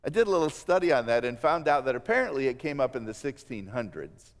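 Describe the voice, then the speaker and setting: A man preaching a sermon in an animated way, acting out the voices of the people he quotes. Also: quick pace. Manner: animated, acts out quoted voices with big pitch swings. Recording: long reverb of a large hall.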